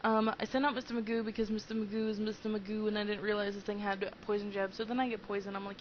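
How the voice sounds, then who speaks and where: A woman's voice: mid-range voice, fairly even intonation, racing, hardly any pauses, dull audio, slight background noise. A young woman in her twenties narrating a video game playthrough in casual, rambling commentary, giggly and hyper. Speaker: let's play host.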